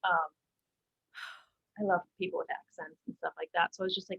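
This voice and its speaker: A woman's voice: medium pitch, steady tone, a little fast, fairly bright tone, husky, muffled recording. A woman guest on an interview show, talking casually about her theater work, chatty and full of fillers and restarts. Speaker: guest, musical theater actor.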